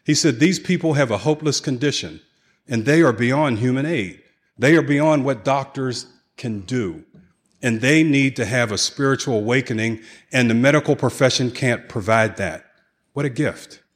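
At a recovery conference, a man delivers a keynote in a medium-pitched voice at a moderate pace before a hall audience. He earnestly tells his own recovery testimony, acting out the dialogue within it.

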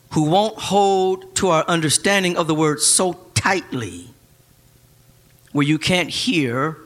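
A man preaching a Sunday sermon, animated and joking, breaking into shouts at the high points. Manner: casual churchy speech with slang. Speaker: pastor.

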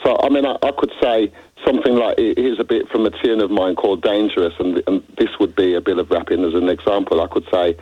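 A man, a musician, talking in a relaxed and rambling way in a radio interview, with lots of "you know". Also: deep voice, fast talker, few pauses, slightly rough, no room sound, lo-fi sound. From England. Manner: laid-back, rambling with many "you know"s. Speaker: musician guest.

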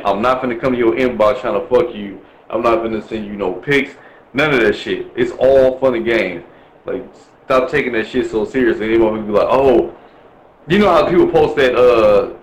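A man's voice: medium pitch, a little fast, echoey room, low-quality recording. A man from Milwaukee talking bluntly and profanely in a casual chat, ranting with lots of swearing. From Milwaukee, USA.

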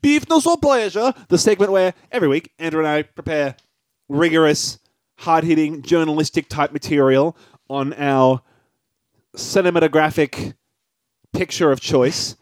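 A man's voice: on the high side, steady tone, normal speed, no room sound. A man co-hosting a podcast, talking in a rambling, joking way with many fillers and restarts. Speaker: podcast co-host. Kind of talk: casual podcast chat.

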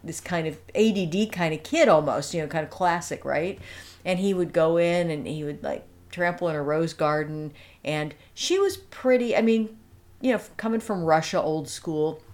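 A woman telling a story in casual conversation as an interview guest. She rambles, restarts sentences and adds asides, and turns animated and amused at times. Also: sits low.

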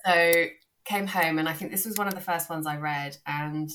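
A British woman with a low voice talks eagerly in a loose, rambling way. She chats casually as a guest author on a podcast, breaking off and restarting her thoughts as she goes. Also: fairly even intonation, normal speed, a bit bright, a little hiss or hum.

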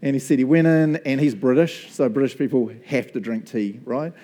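A man's voice: mid-range voice, a little fast. A man with a New Zealand accent preaching a casual, jokey sermon full of stories. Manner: chatty, jokey, animated storyteller.

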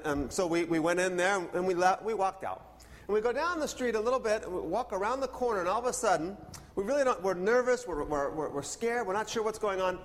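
Brief: male pastor, high voice, lively storyteller, echoey church hall. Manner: animated storyteller, acts out dialogue. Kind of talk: sermon with personal storytelling.

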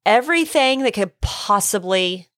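A middle-aged woman, hoarse from illness, telling a story in casual chat, acting out her own quotes and swearing. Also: mid-range voice, expressive, measured pace, a bit bright, no echo, studio quality.

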